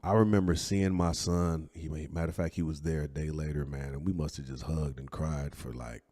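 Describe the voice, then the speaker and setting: A man with a deep, husky voice tells a personal story as a podcast guest. He talks in an animated, slangy way and laughs as he goes. His low register sits under a rough, breathy texture. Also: moderate pace.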